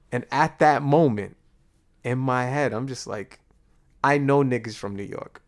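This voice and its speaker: A Boston man co-hosting a podcast tells a story in casual chat, acting out the dialogue and swearing freely as an animated storyteller. His voice is mid-range and his pace measured.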